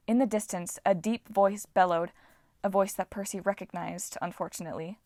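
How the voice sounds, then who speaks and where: A woman reading a novel aloud in a steady, expressive storytelling voice. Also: lowish voice, moderate pace, dry recording, studio quality. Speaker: audiobook reader.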